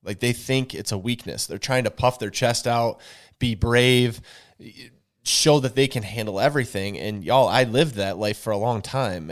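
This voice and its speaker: Earnest man co-hosting a podcast. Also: lowish voice. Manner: earnest, preachy, addresses listeners as y'all. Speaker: podcast co-host. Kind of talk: candid podcast conversation.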